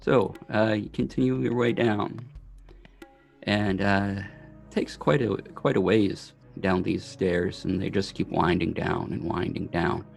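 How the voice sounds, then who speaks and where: A man narrating as dungeon master of a tabletop game, slow and halting with many fillers. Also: sits low, fairly even intonation, creaky, faint music behind.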